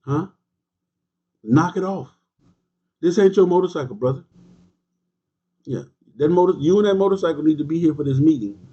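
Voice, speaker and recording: Husky man lecturing bikers. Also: a little high, moderate pace, pauses often, warm tone. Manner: emphatic, repetitive, preachy; streetwise slang, talks back to commenters. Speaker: motorcycle club leader. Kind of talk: livestream monologue answering viewers. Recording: dull lo-fi stream audio.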